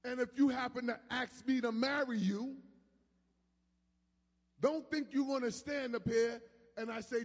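High-voiced preacher in a reverberant hall. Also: male voice, steady tone, a little slow, long pauses. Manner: preaching with sudden shouted peaks and soft asides. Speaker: pastor. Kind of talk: sermon.

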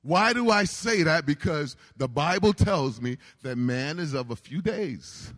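A man preaching a sermon in a call-and-response style, building to shouts. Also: fairly high pitch, animated, unhurried. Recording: reverberant hall.

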